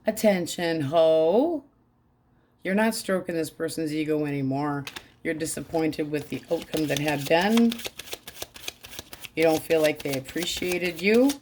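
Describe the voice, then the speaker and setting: Woman, tarot reader, casual reading, blunt, crude, frank, slow-paced. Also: low voice, darkish tone, a little hiss or hum.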